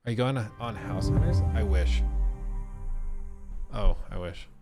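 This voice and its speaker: A man's voice: lowish voice, slow, over loud music. A young man streaming live, chatting casually and laughing as he reacts to a game trailer and explains technical details.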